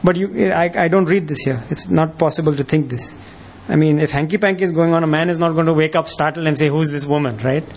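A man preaches with a high voice for a man. He is emphatic and keeps firing rhetorical questions at his listeners. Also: quick pace, a little hiss or hum. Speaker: pastor. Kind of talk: sermon.

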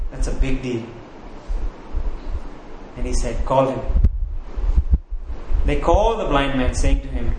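A man preaching a sermon as pastor, emphatic, repeating key phrases and slowing down on them. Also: mid-range voice, background noise. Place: church sanctuary. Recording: very echoey hall, faint ambience.

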